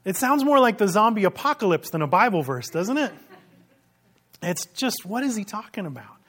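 A man's voice: sits high, sing-song, moderate pace, a bit bright. A man preaching a sermon as pastor, emphatic and full of rhetorical questions.

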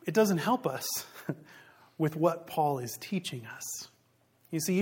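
A man's voice: high voice, slightly rough. A man preaching a sermon in an earnest, conversational way, asking rhetorical questions and chuckling now and then. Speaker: pastor.

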